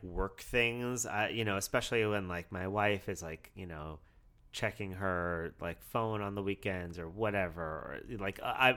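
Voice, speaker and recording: A man's voice: lowish voice, a bit bright, smooth. A man co-hosting a casual podcast chat, talking animatedly with many fillers. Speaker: podcast co-host.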